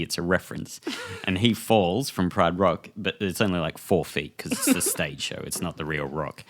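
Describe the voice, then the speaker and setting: A man, hosting a comedy podcast and telling a silly story in a playful way. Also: sits low. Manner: playful, lively, slips into silly put-on voices. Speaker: podcast co-host.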